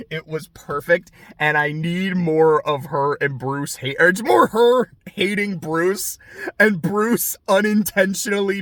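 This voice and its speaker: A man hosting a casual recap podcast, telling the story in a chatty, excitable way with plenty of swearing. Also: fairly high pitch, no room sound. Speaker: podcast host recapping a TV show.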